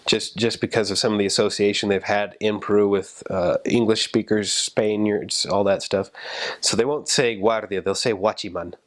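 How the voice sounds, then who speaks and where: A man talking casually about language, explaining in a relaxed way with fillers. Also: on the low side, normal speed.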